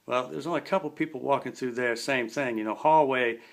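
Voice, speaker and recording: A man's voice: mid-range voice, brisk, gravelly. A man in his forties telling a story in a laid-back, slangy way. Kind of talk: casual spoken storytelling.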